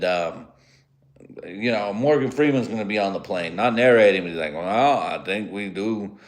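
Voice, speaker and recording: Profane, giggly man rambling in a garage. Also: lowish voice. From United States. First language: Spanish. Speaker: podcast host. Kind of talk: solo comedy podcast. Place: home garage.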